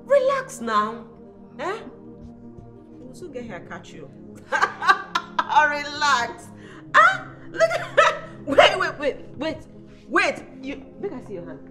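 An actress with a Nigerian accent playing a lively young woman who teases her nervous friend in a film drama, slipping into Pidgin. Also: high voice, takes it slowly, pauses often, soft background music, heavily acted. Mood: teasing. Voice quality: teasing, lively, mixing Pidgin into English.

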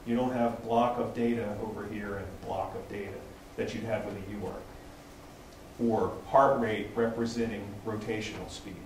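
A man's voice: fairly low pitch, fairly even intonation, normal speed, slight background noise. A man presenting at a tech meetup, explaining casually to a small group with frequent restarts and "right?" checks. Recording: echoey room, distant mic, faint ambience.

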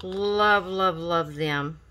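A woman, gushing and excited as she opens craft mail in a casual vlog. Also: lowish voice, drawn-out words. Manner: gushing, excited, repeats thanks. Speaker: craft vlogger.

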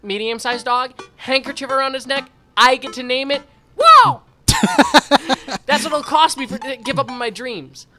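A woman's voice: sits high, moderate pace, bright, forceful tone, soft background music. A woman giggling and teasing while reading game lines during a comedic playthrough. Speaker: game player.

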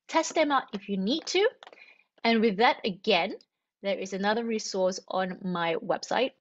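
A woman's voice: medium pitch, moderate pace, lo-fi sound. A woman string teacher explaining note reading step by step, asking and answering her own questions in a chatty way. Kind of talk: instructional explanation.

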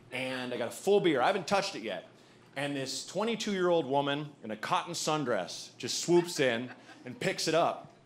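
A man doing a stand-up comedy set before a live audience, telling a story in an animated way and acting out the people in it. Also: mid-range voice.

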